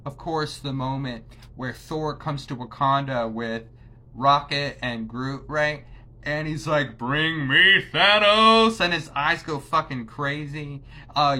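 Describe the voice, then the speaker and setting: Guy ranking films on his vlog, bright forceful voice, hyped and swears a lot. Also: mid-range voice. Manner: enthusiastic, swears casually. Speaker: movie reviewer. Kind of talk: casual movie ranking chat.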